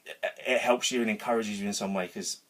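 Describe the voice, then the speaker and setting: A man's voice: fairly low pitch, fast talker. Worked-up man ranting after a workout. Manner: energetic, rambling, swears casually. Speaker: vlogger. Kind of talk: motivational talk to camera. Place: home garage gym.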